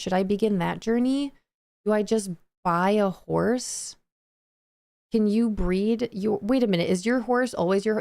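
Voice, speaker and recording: A woman's voice: medium pitch, creaky, darkish tone. A woman streaming a video game, chatting casually with her viewers and reacting with easy delight. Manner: bubbly, easily delighted, chatty. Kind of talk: casual live-stream gameplay chat.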